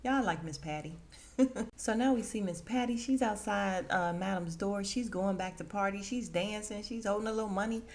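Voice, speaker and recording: A woman's voice: medium pitch, moderate pace, a little mellow. A woman hosting a podcast, animatedly and chattily recapping a TV episode, laughing often. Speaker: podcast host.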